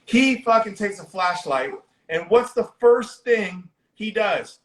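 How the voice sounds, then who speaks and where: A man hosting a casual movie discussion on a livestream, animated and profane as he retells scenes. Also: sits high, slow pace, roomy sound. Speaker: podcast host.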